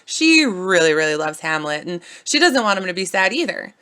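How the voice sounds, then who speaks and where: A woman's voice: on the low side, very animated, normal speed, sharp tone, clean tone. Bubbly woman narrating a silly storybook. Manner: bubbly, playful, teen-slang asides.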